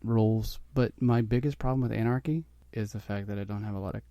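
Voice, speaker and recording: A man's voice: lowish voice, steady tone, fast talker, warm tone, dry recording. A man with a Louisiana accent, co-hosting a casual podcast, joking and teasing in playful banter. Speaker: podcast co-host. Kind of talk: casual group chat.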